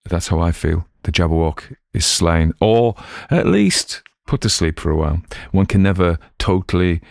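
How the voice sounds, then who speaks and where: A middle-aged man from Cumberland, England, who reads audiobooks and hosts a channel, rambles casually, drifting off on tangents and mocking himself. His low, slightly mellow voice moves at normal speed in a dry, clean studio recording.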